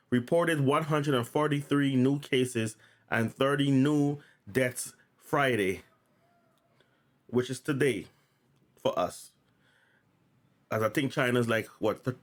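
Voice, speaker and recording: Stuttering man vlogging. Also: mid-range voice. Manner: stutters, repeats and restarts words. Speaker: channel host. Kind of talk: casual vlog, reading news notes aloud.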